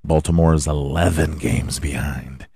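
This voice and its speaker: A man hosting a sports podcast, running through the standings with crude jokes, sudden loud outbursts, sing-song bits and laughter at his own gags. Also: rumbling low, steady tone, normal speed, husky, dry recording, studio quality. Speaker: podcast host. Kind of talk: profane comedic sports rundown.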